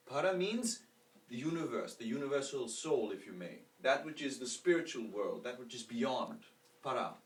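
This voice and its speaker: A man teaching a spiritual lecture, explaining terms slowly and leading call-and-response recitation while asking rhetorical questions. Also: on the high side. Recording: echoey room, voice from a distance.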